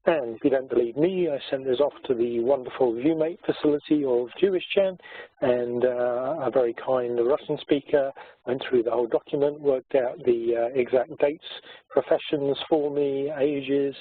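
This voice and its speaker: A man's voice: mid-range voice, moderate pace, husky. A man giving a genealogy presentation as a society chairman, speaking hesitantly with many fillers. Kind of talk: presentation talk. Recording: tinny phone-like sound.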